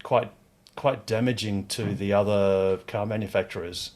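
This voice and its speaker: Measured man, lowish voice. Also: fairly even intonation, a little mellow. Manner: measured, analytical. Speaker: podcast co-host. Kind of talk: casual chat.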